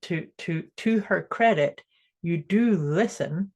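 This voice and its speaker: A woman's voice: on the low side, takes it slowly, darkish tone. A woman co-hosting a casual mindset podcast, explaining ideas step by step and laughing easily. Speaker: podcast co-host.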